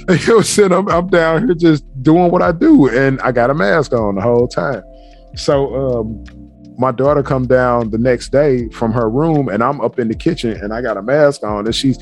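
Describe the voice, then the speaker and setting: Man, middle-aged, casual storyteller, profane, laughing, mid-pitched voice, faint music behind. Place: basement home office.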